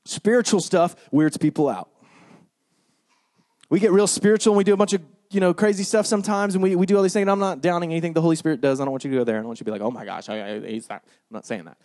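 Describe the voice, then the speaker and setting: Punchy, sarcastic high-voiced preacher man. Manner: sarcastic, punchy, swings from loud to hushed. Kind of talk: sermon.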